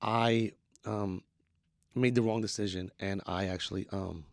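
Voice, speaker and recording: A man from New York speaks as an interview guest, his voice sitting a little low. He talks in a halting way, restarting phrases and leaning on fillers. The sound is dry and close. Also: fairly even intonation, vocal fry, dry recording. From New York, USA. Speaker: musician guest. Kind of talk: candid interview talk.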